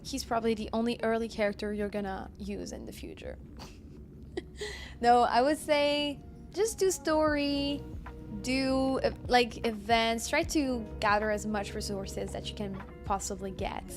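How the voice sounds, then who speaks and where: A woman's voice: a little high, measured pace. Chatty woman streamer, music faint behind. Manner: chatty, apologetic, laughs often. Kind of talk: casual live-stream chat.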